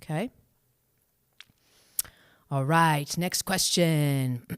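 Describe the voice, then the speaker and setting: A woman hosting a live stream as a spiritual coach, speaking gently and reassuringly, laughing often and acting out inner voices in a high cheery tone. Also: slow, long pauses, smooth, no room sound. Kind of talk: live-stream guidance, answering viewer questions.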